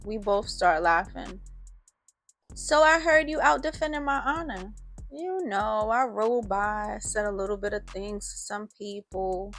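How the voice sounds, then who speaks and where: With a somewhat high, fairly bright voice, a woman tells a first-person story in casual street slang, doing the other people's lines in her own voice and delivering those quotes quick and snappy.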